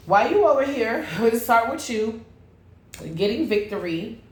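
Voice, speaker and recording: A woman's voice: fairly high pitch, animated, measured pace. A woman doing a casual tarot reading, blunt and profane, breaking into sing-song asides. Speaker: tarot reader. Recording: echoey room with faint noise.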